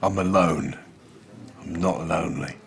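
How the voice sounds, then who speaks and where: An actor playing a reserved older police inspector who answers tersely. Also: male voice, deep voice, measured pace, gravelly, slight background noise, full character voice. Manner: terse, guarded replies.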